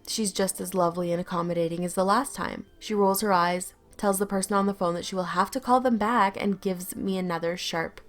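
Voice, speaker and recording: A young adult woman reading an online story aloud with a wry, storytelling delivery. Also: on the low side. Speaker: story narrator.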